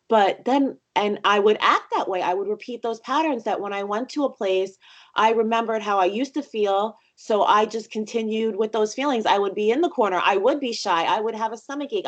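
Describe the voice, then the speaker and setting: Earnest woman in relaxed podcast chat. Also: medium pitch, normal speed. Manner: earnest, reflective, encouraging. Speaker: podcast guest.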